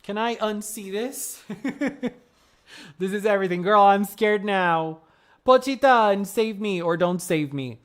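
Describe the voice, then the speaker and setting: With a mid-range voice and a slow pace, a woman streamer looks over fan art during a live stream. She chats casually, gushing with plenty of exclamations, laughs, and gasps.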